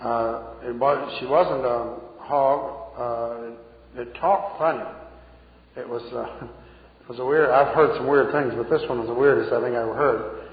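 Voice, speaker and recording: A man's voice: medium pitch, fairly even intonation, unhurried. A man preaching, a folksy, chuckling storyteller. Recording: phone-like echoey hall recording.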